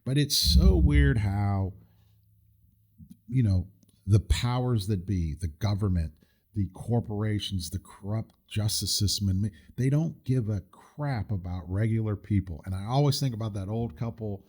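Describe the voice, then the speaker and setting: A man's voice: fairly low pitch, measured pace, darkish tone. A man hosting a casual podcast, telling a story in an indignant, rambling way with frequent restarts. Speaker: podcast host.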